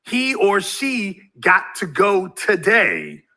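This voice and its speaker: A man's voice: high-pitched, wildly swooping pitch, slow pace, pushed and bright. A man giving a ranting commentary monologue in a preachy way, firing rhetorical questions at his viewers. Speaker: YouTube commentator.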